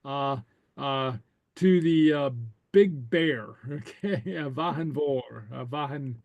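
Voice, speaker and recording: A man teaching a relaxed language class, speaking slowly and hesitantly with lots of okays and soft chuckles, sounding out new words for his students to repeat. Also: on the high side, no echo.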